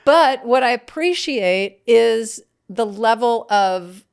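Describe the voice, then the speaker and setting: A middle-aged woman from Mississippi, a guest telling stories in a dry, unhurried, deadpan way. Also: fairly high pitch, clean tone. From Mississippi, USA. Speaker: podcast guest. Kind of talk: casual comedic chat.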